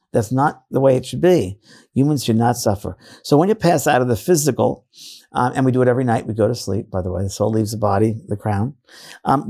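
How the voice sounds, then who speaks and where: A man speaking as a guest in a casual interview, his dark voice gravelly and husky. He tells earnest stories at mid pitch, often restarting his sentences as he goes. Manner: earnest storytelling with frequent restarts. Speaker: psychic medium guest.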